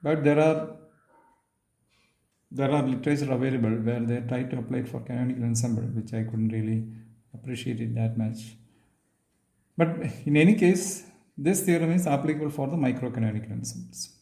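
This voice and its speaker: A man giving a physics lecture, pausing often with fillers and restating points as he writes. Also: medium pitch, vocal fry, dark tone, echoey room. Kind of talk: physics lecture while writing on a board.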